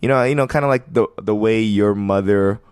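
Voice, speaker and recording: An American man in his thirties, a comedian guest on a casual podcast, telling animated, rambling stories and laughing often. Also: fairly low pitch, a little fast, clean tone, no room sound, clean studio sound.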